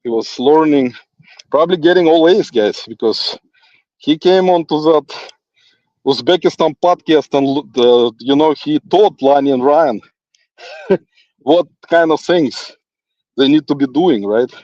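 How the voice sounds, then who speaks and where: Walking in a forest, a livestream host with a non-native English accent talks on and on, chuckling between thoughts as he teases a critic who isn't around. His mellow voice sits a little high and moves a little slowly, with long pauses. The lo-fi audio is dull and dry, with no room sound.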